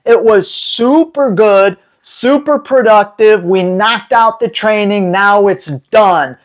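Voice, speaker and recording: A man giving dog training advice straight to his viewers in an emphatic way, now and then acting out owners and dogs. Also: high-pitched. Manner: emphatic, acts out owners and dogs in quick voices. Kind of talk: direct-to-camera training advice.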